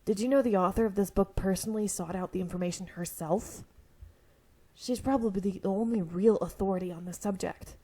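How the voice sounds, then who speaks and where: A woman voicing a shy, bookish young man in an otome game she reads aloud, speaking softly and earnestly. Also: mid-range voice, brisk, breathy edge, natural voice. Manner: soft-spoken, earnest, gets passionate about books.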